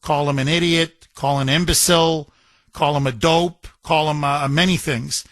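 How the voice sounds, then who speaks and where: A man's voice: on the high side, fairly even intonation, moderate pace, fairly bright tone, dry recording. A middle-aged man hosting a talk radio show, ranting in a combative, sarcastic way. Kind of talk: opinionated talk radio monologue.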